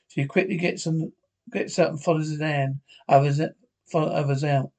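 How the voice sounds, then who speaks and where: A man reading a television script aloud for a podcast. His voice sits a little high for a man, and he often trips over words and restarts them as he goes. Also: steady tone, normal speed, gravelly, a little mellow. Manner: stumbling, frequent restarts and slips. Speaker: podcast reader.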